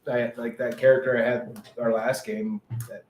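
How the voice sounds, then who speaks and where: A man co-hosting a casual podcast, an animated storyteller who acts out the people he quotes. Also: mid-range voice, normal speed, a little hiss or hum. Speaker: podcast co-host. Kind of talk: casual chat. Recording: echoey room with faint ambience.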